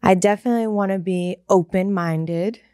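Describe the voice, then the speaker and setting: A woman's voice: medium pitch, normal speed, dark tone, clear, resonant tone, no echo, clean studio sound. A young woman co-hosting a podcast, blunt and casual, swearing freely. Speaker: podcast co-host. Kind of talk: casual group chat.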